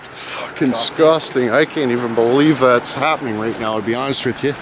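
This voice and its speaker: A man's voice: medium pitch, brisk, noisy background. A man, vlogging outdoors by a store, swearing constantly, teasing his friends and laughing a lot. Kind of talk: rowdy casual banter.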